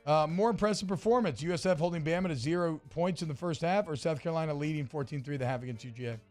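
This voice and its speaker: A sports radio co-host talks fast and loose, selling an ad like he's chatting with a buddy. His voice sits a little high. Faint music plays under the studio talk. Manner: energetic, salesy, casual slang. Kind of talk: casual sports talk and live ad reads.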